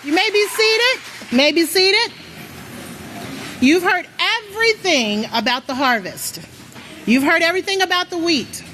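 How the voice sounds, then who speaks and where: In a large worship hall, a woman preaches a motivational sermon, leading call-and-response and urging the congregation to repeat after her. Her voice is very high-pitched, bright, and forceful, with lively intonation and a measured pace. There's slight background noise.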